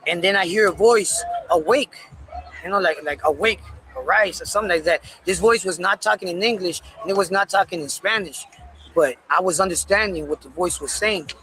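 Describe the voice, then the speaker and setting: A man casually telling a personal story in a candid, profane, animated way. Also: high voice, fairly quick, a little hiss or hum, rough recording.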